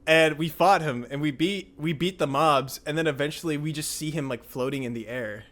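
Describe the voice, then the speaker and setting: A young man hosting a podcast, telling a story in a rambling, excitable way with lots of filler words. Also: a little high, a little fast. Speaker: podcast host. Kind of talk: casual storytelling chat.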